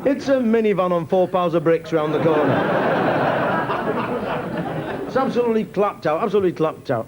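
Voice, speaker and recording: A man's voice: high-pitched, animated, fast, over a noisy crowd. A man doing a stand-up routine, rambling wryly through an anecdote. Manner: rambling, anecdotal, wry storyteller. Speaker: stand-up comedian. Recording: hissy old TV recording.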